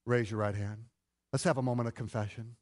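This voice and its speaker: A middle-aged male pastor giving an animated, conversational sermon full of rhetorical questions. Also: medium pitch, a little fast.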